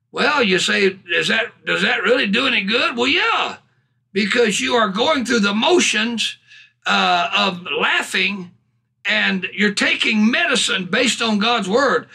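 A man's voice: high-pitched, lively intonation, a little slow, creaky, sharp tone, slightly rough. A male preacher delivering a fervent sermon, often breaking into hallelujahs and bursts of laughter.

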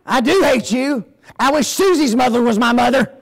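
A man voicing an angry young girl who talks back to her mother, loud and defiant. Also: extremely high pitch, lively intonation, moderate pace, creaky, pitched above the performer's own voice, exaggerated voice. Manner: defiant, shouting.

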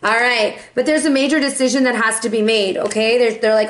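A woman's voice: on the high side, steady tone, a little fast, echoey room. A woman giving a casual tarot reading, chatty and playful as she talks through the cards. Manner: chatty and playful, sings and meows in bursts. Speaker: tarot reader.

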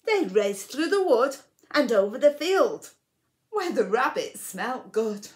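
A woman reads a rhyming picture book aloud to children for a library storytime. She goes very slowly, with a high voice that swoops widely. Now and then she drops into a whispered aside. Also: sing-song.

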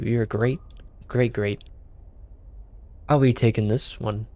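Over faint game music, a gaming video creator gives playful let's play commentary, joking to himself as he plays. His dark-toned voice sits on the low side, with fairly even intonation, a moderate pace, and frequent pauses.

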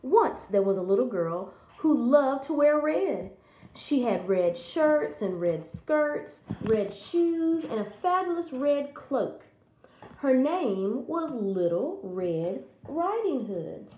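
A woman reading a children's story aloud in a slow, expressive way. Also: high voice, echoey room.

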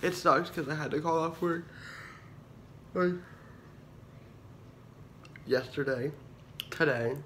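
A man's voice: fairly high pitch, takes it slowly, pauses often, bright, forceful tone, a little hiss or hum. A young man in a hospital room, casually and dramatically complaining into his phone, sweary and full of fillers. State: unwell patient awaiting kidney surgery. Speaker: vlogger. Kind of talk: casual ranting vlog.

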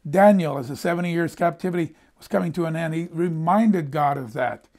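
A man's voice: a little high, fairly quick, a little mellow. An older American man giving a sermon, telling personal stories in a conversational way and often repeating words as he restarts a sentence. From United States. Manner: conversational storytelling, repeats words when he stumbles. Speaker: preacher.

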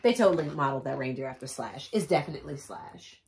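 A woman's voice: extremely low pitch, fast talker, slight background noise. A woman vlogger reading a picture book aloud with chatty, joking asides. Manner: animated, chatty asides, laughs at own jokes.

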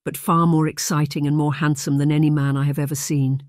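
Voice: medium pitch, little pitch movement, brisk, a little mellow, no room sound, studio quality, close to an everyday voice. An audiobook narrator voicing an eager, dreamy young English lady who gushes with wonder. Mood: excited. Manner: gushing, wide-eyed.

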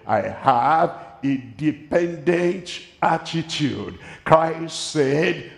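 A man with a Nigerian accent preaching a sermon at a large crusade, speaking slowly and deliberately, repeating his key phrases. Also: on the high side, expressive, gravelly. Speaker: pastor. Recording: echoey hall, voice from a distance.

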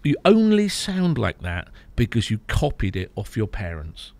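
A man coaching and explaining on a podcast, emphatic, often checking in with a quick "right?". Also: mid-range voice, wildly swooping pitch, gravelly, a little mellow, no echo. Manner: emphatic, explaining, frequent "right?" tag questions. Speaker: therapy programme coach. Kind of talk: podcast guest conversation.

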